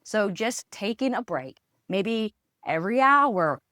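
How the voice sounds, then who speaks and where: A woman hosting a health podcast, explaining in a calm, encouraging way. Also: medium pitch, slow, no echo, studio quality. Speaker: physical therapy podcast host. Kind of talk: casual health chat.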